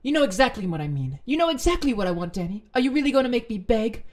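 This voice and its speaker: A man voicing a bratty young woman from a story he reads aloud, with high, whiny, teasing squeals. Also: very animated, fast. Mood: pleading. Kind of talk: dramatic story reading.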